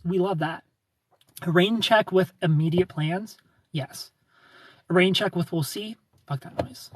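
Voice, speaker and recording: Husky-voiced man chatting on a livestream. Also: high voice, unhurried, dry recording. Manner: chatty, gives frank relationship advice to viewers by name. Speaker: livestream host answering viewer comments. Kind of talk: casual livestream chat.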